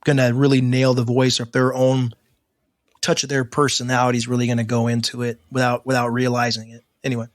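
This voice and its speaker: A man co-hosting a podcast in casual chat, talking in stammering restarts and getting animated as he makes a point. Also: mid-range voice, fast talker, no room sound, clean studio sound. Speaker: podcast co-host.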